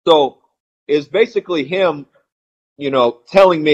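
Man, forties, husky voice, blunt, animated storytelling, dull lo-fi audio. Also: on the high side. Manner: blunt, animated, fast-flowing anecdotes. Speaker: retired baseball player, guest. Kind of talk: podcast interview storytelling.

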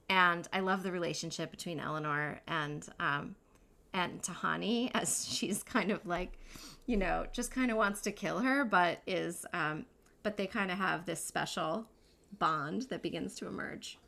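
A woman co-hosting a podcast in casual chat, enthusiastic and quick to laugh. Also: lowish voice, gravelly, sharp tone. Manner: enthusiastic, laughs often, trails off and restarts. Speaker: podcast co-host.

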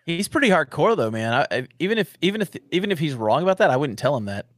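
Dude hosting a podcast, jokey n teasing, slightly high voice, dry sound. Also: male voice, very animated, quick pace, dry recording. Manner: joking, teasing, stammering restarts. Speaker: podcast host. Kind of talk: casual podcast chat.

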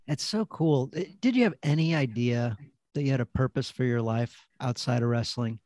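A man's voice: mid-range voice, normal speed, darkish tone, no echo, clean studio sound. A man hosting a podcast, chatting enthusiastically with his guest. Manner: enthusiastic, upbeat. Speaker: podcast host. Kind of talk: casual podcast conversation.

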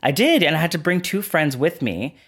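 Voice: mid-range voice, very animated, fairly quick, fairly bright tone, husky. A drag queen and former contestant speaking as a podcast guest, candid and blunt and swearing freely as stories are told. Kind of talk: casual podcast chat.

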